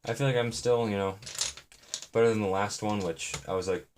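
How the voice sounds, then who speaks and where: A man's voice: on the low side, steady tone, a little fast. A young man chatting in a meandering, self-deprecating way on a live stream while he builds. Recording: noisy, with keyboard and brick clicks.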